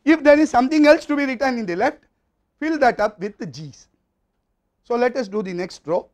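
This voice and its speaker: A man with a high voice and an Indian English accent delivers a recorded lecture. He explains step by step at a measured pace, his phrases trailing off softly at the ends. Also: expressive.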